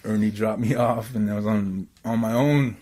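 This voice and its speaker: A man from Canada telling a story in casual chat, excitable and rambling with lots of fillers. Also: fairly low pitch, moderate pace.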